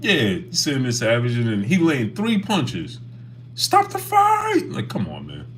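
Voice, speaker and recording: A man's voice: medium pitch, wildly swooping pitch, moderate pace, a bit bright, a little hiss or hum. A man hosting a casual boxing livestream, talking animatedly and greeting chat viewers by name.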